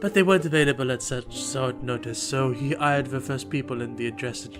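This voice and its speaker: A man's voice: mid-range voice, a little fast, lightly acted. A man voicing a polite young French noblewoman in a video game, with a put-on French accent and an airy, genteel manner. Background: game music.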